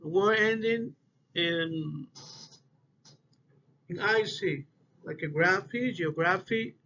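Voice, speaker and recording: A man giving a class presentation on word stress, in halting English that repeats words as he goes. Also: high voice, sharp tone. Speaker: student presenter. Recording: dull lo-fi recording with faint noise.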